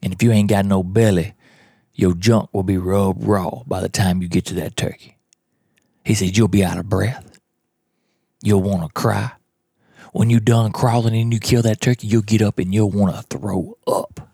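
A man's voice: fairly low pitch, steady tone, normal speed, gravelly, mellow, breathy edge, dry recording, studio quality. A man, telling a hunting story in a folksy, blunt, drawling way as a podcast host. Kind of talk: storytelling monologue.

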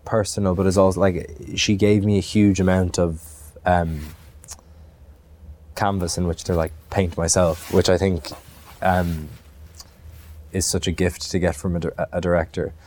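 A man's voice: deep voice, little pitch movement, unhurried, a little mellow, a little hiss or hum. A man from Ireland, an actor, answering interview questions in a thoughtful way, with many restarts and fillers.

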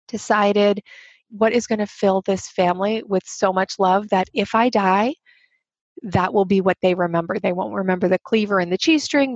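A woman's voice: medium pitch, no room sound, highs cut off. A woman in her thirties telling a candid personal story, acting out the voices of the people in it. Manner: animated, acts out quoted voices.

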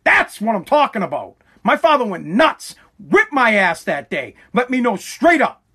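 A podcast host from Massachusetts rants through a heated monologue. His voice sits high for a man. He swears freely and speaks with fiery intensity. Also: big pitch swings, moderate pace, a bit bright, husky. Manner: ranting, profane, fiery.

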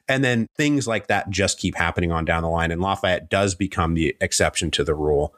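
A man's voice: deep voice, brisk, hardly any pauses, fairly bright tone, dry recording, studio quality. A man guest on a history interview, telling the story in a casual way and acting out the people he quotes in mock voices.

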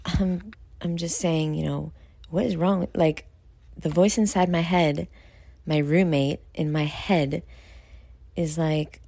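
A young woman, talking late at night about herself in a candid vlog, loud and excitable, with many fillers, sounding tired. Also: sits low, normal speed, dry recording. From New York. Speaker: podcast host. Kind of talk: candid self-talk vlog.

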